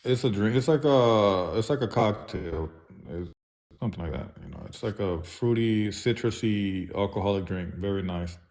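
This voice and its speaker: A man's voice: lowish voice, moderate pace, a little mellow. Laid-back man telling a bar story. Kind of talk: casual chat.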